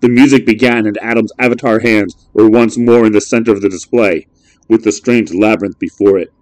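A man with a very low, deep voice reads a horror story in a measured, brooding way. The recording is dry and close, with no room sound. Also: steady tone, a little mellow, no echo. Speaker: narrator.

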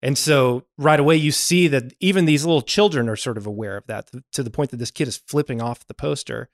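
A man hosting a casual movie podcast, retelling scenes with lively storytelling. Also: medium pitch, fairly quick, vocal fry, no echo, clean studio sound. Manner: animated storytelling with acted quotes. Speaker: podcast host.

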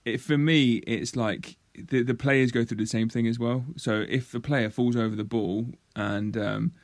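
A man's voice: medium pitch, fairly even intonation, unhurried, dry recording. A man co-hosting a casual football podcast, telling stories in a joking way with lots of filler words. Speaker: podcast co-host.

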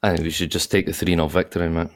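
Jokey Scottish podcast co-host. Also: male voice, sits low, little pitch movement, very fast, a little hiss or hum. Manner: jokey, laughs often, calls people mate. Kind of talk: casual football chat.

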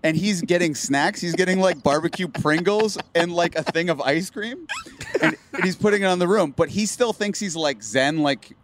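A man's voice: sits high, moderate pace, a little hiss or hum. A young man co-hosting a podcast, telling a story in casual chat and acting out his friends' lines as he goes. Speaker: podcast co-host.

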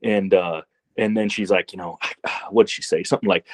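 Deep-ish guy on a podcast, laid back, lots of you know and like, dry sound. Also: fast, dry recording. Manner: relaxed, rambling, many fillers. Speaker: podcast guest. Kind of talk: casual movie discussion.

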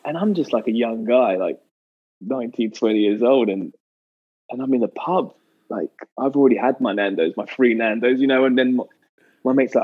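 Husky British man telling stories. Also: a little fast, narrow, tinny audio. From Britain. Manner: lively storyteller, acts out quotes with sharp pitch jumps. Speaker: podcast guest. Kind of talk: casual anecdotal chat.

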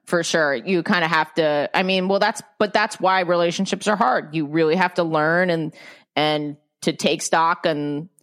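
A woman's voice: lowish voice, steady tone, moderate pace, fairly bright tone. A woman chatting casually and candidly on a podcast, swearing freely and often restarting her sentences. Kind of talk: casual chat.

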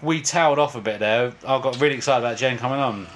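A man in his thirties co-hosting a podcast, chatting casually, sweary and excitable, quick to laugh. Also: mid-range voice, slight background noise. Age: 30s. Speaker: podcast co-host. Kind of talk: casual banter.

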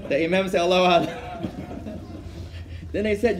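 Man, high voice, animated storyteller, religious lecture, acts out dialogue. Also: moderate pace, long pauses. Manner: animated, acts out dialogue, code-switches with Arabic phrases; laughs while telling stories. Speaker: Islamic teacher.

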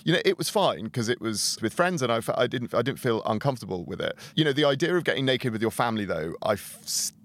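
A man on a podcast panel, chatting casually about life in Sweden, halting with many restarts. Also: mid-range voice, animated, a bit bright, no echo. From from abroad, living in Sweden.

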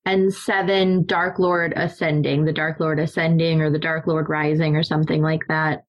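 Young woman, lively casual talker, keeps laughing mid-story. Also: low-pitched, moderate pace, dull audio. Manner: animated storyteller, laughs often, acts out quotes. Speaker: podcast co-host. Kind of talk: casual chat.

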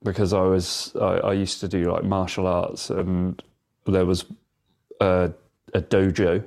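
A man co-hosting a podcast, chatting casually and telling anecdotes with relaxed slang. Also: sits low, unhurried, vocal fry. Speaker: podcast co-host. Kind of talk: casual chat.

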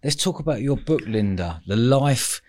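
A man's voice: mid-range voice, expressive, normal speed, a little mellow. A man hosting an interview, prompting his guest with short, encouraging remarks. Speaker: podcast host.

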